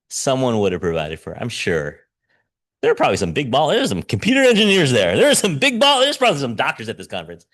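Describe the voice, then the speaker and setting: A man's voice: mid-range voice, fairly bright tone. A man in his fifties preaching a sermon, telling a personal story in a loose, chatty way, laughing often and correcting himself as he goes. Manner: conversational storytelling with frequent laughs and self-corrections. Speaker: pastor. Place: church sanctuary.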